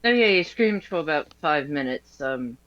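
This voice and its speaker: A man's voice: fairly high pitch, expressive, moderate pace, a bit bright, no echo, lo-fi sound. A man playing in a tabletop game, describing his character in an easygoing, wry way. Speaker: player. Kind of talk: tabletop role-play.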